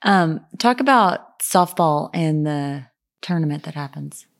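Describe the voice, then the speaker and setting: A woman's voice: deep voice, lively intonation, unhurried, creaky. A woman hosting a casual interview, giving many short affirmations as she listens. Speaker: host, interviewer.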